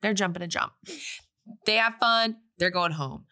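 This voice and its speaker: Bright chatty woman doing a movie recap, breezy and animated. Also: on the low side, a little slow. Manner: animated, breezy retelling with acted-out quotes. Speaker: podcast co-host recapping a film. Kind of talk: casual recap chat.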